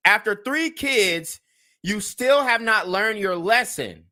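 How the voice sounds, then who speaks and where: This time the commentary host's high voice comes slow and sharp, with lively intonation. Reacting to a clip, he scolds his audience with blunt, profane language and asks them to cast a vote in a poll.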